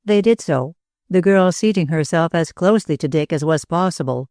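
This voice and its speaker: Low-voiced woman narrating an audiobook. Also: moderate pace, mellow, no room sound, clean studio sound. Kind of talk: scripted narration.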